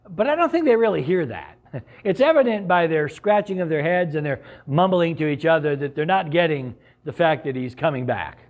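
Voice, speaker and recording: Earnest conversational man preaching, pitched high. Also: darkish tone. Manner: earnest, conversational preaching with sudden emphatic rises. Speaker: pastor. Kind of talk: sermon.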